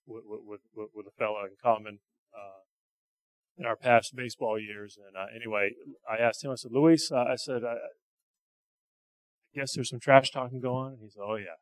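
Earnest, halting man with dry sound. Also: medium pitch, steady tone, no room sound, low-quality recording. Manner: halting, repeats words, earnest. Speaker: church member sharing mission trip. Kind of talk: casual testimony talk.

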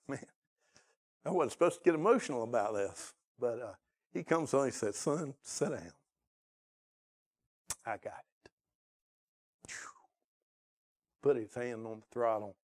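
A man's voice: lowish voice, darkish tone. A man pastor telling an emotional personal story in a sermon, then pressing his church with urgent questions and a prayer. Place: church sanctuary.

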